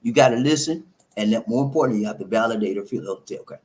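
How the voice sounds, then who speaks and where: A man's voice: on the low side, rapid-fire, a little mellow. A man giving relationship advice in an emphatic, preachy monologue, repeating himself and calling listeners "man".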